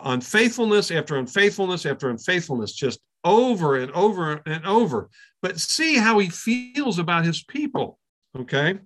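A middle-aged man leads a Bible class in a relaxed, conversational way, often checking in with his listeners. His voice is bright and forward and sits a little high for a man. He often repeats a word as he restarts a thought. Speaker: Bible teacher.

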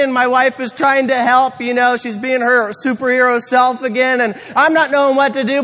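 High-voiced man preaching in a hall. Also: normal speed, hardly any pauses. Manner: storytelling with animated quoted asides. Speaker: pastor. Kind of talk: sermon. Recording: reverberant hall, dull lo-fi sound.

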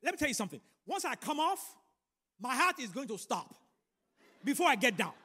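A middle-aged man preaching a sermon and telling a personal story, animated and building to loud emphatic peaks. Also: very high-pitched, brisk, breathy edge. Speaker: pastor. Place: large church room. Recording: long hall reverb.

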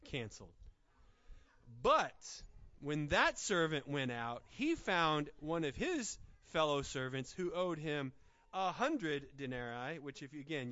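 A man preaching with a high, bright voice that leaps around in pitch. He swings from punchy emphasis to hushed, drawn-out lines. The sound is dry but a little dull and lo-fi. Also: dry recording. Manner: animated, swinging from loud emphasis to hushed, slow delivery. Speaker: pastor. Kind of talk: sermon.

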